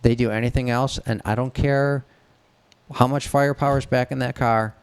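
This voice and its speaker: A middle-aged man with a gravelly edge and a smooth, resonant voice tells a story. He talks frankly, swears freely and acts out the people he quotes. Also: medium pitch, steady tone, moderate pace. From Detroit area. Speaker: podcast co-host telling a story. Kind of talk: casual storytelling.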